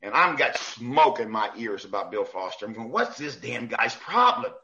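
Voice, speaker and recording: A man, a basketball referee, telling a story in a casual, animated way and acting out the people he quotes. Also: mid-range voice, normal speed, highs cut off. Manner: animated, acts out quoted coaches.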